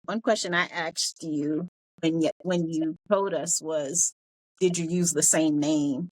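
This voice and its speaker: A woman's voice: sits low, steady tone, takes it slowly, a little mellow, no echo. A woman co-hosting a podcast, casually asking curious follow-up questions. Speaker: podcast co-host. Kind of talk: casual conversation.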